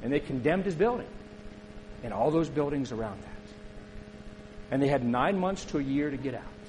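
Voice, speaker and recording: A middle-aged pastor preaches a sermon, telling a story conversationally and turning to ask the congregation questions. His mid-range voice is a little mellow, with lively intonation and a normal pace, on a low-quality recording with slight hiss or hum.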